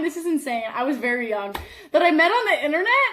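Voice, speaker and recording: High-voiced animated woman streamer. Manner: animated storytelling with sudden high bursts and laughter; drawn-out words and frequent fillers. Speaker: live streamer. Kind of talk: casual chat on a live stream.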